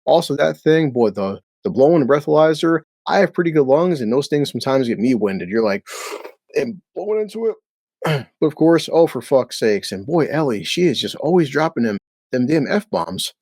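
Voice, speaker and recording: A man's voice: fairly high pitch, big pitch swings, normal speed, darkish tone, no room sound. A man giving a casual recap of a TV episode, blunt and sarcastic, swearing freely. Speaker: show recap host.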